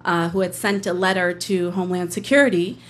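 A woman, a public defender, telling a personal story on stage in plain, steady narration. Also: lowish voice, a little fast, a little hiss or hum.

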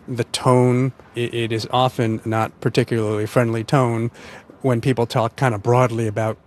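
Man, radio host; steady mid-range voice, calm questions, slight background noise. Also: medium pitch, moderate pace. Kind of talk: radio interview and show hosting.

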